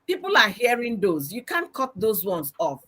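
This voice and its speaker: A woman's voice: medium pitch, big pitch swings, moderate pace, sharp tone, breathy edge. A woman, earnestly explaining her view on a live-stream panel. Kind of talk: casual live-stream discussion.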